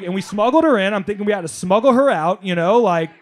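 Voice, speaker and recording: A man doing a stand-up comedy set on a club stage, telling animated stories, working the crowd and shouting some punchlines. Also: sits high, a little fast.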